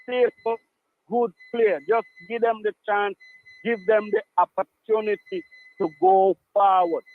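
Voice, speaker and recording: A man with a Jamaican accent, calling in to a radio show and talking in an animated way, mixing patois into his speech and repeating himself. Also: high voice, measured pace, no echo. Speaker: caller. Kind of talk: call-in radio chat. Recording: tinny phone line, dry.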